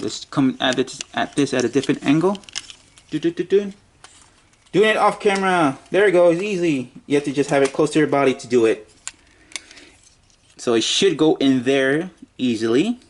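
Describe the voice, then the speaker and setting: A man's voice: fairly high pitch, animated, normal speed, pauses often, a little hiss or hum. A man giving a casual toy review, muttering and joking to himself as he handles the figure.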